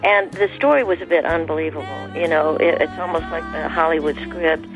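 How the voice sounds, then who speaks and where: A woman, a guest singer on a radio interview, speaking in halting phrases with frequent restarts. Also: deep voice, muffled recording, faint music behind. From American South.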